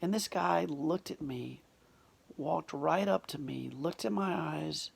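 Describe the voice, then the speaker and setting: A man's voice: on the high side, slow pace, vocal fry, slightly rough. A man telling a personal story in an earnest monologue, often dropping to a whisper and restarting his sentences. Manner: restarts and repeated words.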